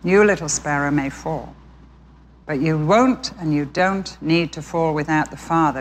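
A woman Bible teacher giving a sermon as an expressive children's story. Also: low-pitched, a little slow, slight background noise.

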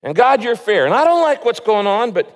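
A man's voice: high-pitched, sing-song, a little fast. Preaching man in a reverberant hall. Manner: earnest preaching, reads scripture with rising emotional emphasis. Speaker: pastor. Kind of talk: sermon.

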